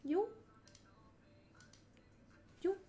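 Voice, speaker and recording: A young woman, chatting excitedly with viewers on a live stream and thanking them by name. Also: very slow, muffled recording, soft background music. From Italy. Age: young adult. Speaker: study streamer. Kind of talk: casual live-stream chat.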